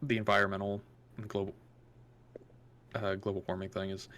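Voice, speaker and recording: A man's voice: lowish voice, little pitch movement, normal speed, fairly bright tone. A man, co-hosting a podcast, giving his opinion in a hesitant, thinking-aloud way. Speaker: podcast co-host. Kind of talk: casual chat.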